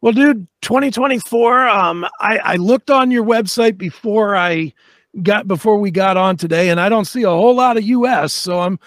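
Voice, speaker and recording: High-voiced friendly interview host. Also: male voice, normal speed, a bit bright, no echo. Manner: friendly, says "dude" and "man". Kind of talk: casual interview chat.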